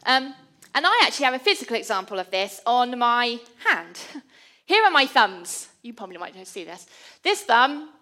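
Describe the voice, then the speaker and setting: A woman's voice: a little high, sing-song, normal speed, sharp tone. A woman giving a conversational, self-deprecating sermon. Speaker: preacher.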